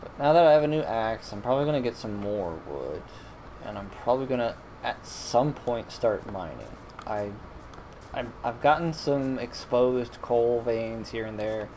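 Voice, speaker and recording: A man's voice: medium pitch, animated, moderate pace, darkish tone, slight background noise, low-quality recording. A man streaming a video game, rambling in casual commentary with frequent self-corrections and mild exasperation. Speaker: gaming streamer.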